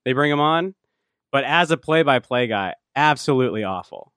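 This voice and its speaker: A man at a middle pitch, talking in a blunt, loose podcast chat. He laughs easily and swears when a game goes badly. His voice is close and dry, with no room sound. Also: lively intonation, normal speed, a bit bright, clear, resonant tone, dry recording. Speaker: podcast co-host. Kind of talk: casual sports chat.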